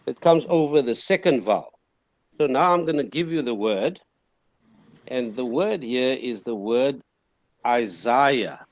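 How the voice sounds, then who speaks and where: A man teaches a class at an unhurried pace. He explains patiently, restarting his sentences as he works through each point. His voice is mid-pitched, and the sound is dry and close. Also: expressive, a little mellow, dry recording. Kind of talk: classroom lecture.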